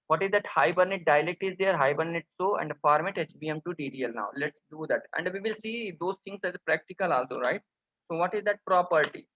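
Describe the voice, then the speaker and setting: A man's voice: high-pitched, fairly bright tone. A man teaching a coding lesson over his screen, who keeps asking rhetorical questions and calls his viewers "guys". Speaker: programming instructor. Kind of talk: screen-recorded coding tutorial. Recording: dull lo-fi sound.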